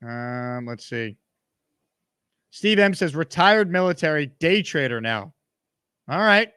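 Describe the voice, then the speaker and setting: A man's voice: a little high, lively intonation, slow pace, sharp tone, smooth, no room sound, clean studio sound. A man hosting a live sports talk stream, reading viewer comments aloud in an upbeat, teasing way. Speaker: show host.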